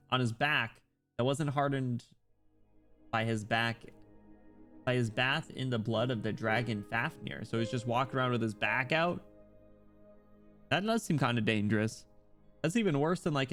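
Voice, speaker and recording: Faint music plays behind a man streaming a game, whose mid-range voice has a slightly bright tone. He chats casually in a rambling, filler-heavy way and reads game dialogue aloud.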